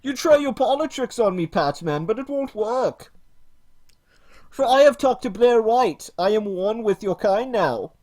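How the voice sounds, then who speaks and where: A man's voice: high voice, lively intonation, a little slow, a little mellow, pitched above the performer's own voice. A man voicing a smug, self-important woman video maker who speaks in grand, theatrical villain speeches. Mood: gloating.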